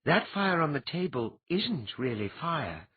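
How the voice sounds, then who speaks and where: A man reading a calm, fond ancient goddess. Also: fairly high pitch, measured pace, slightly rough, dry recording, narrow, tinny audio, pitched above the performer's own voice, exaggerated voice. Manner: gentle, absent-minded, soothing.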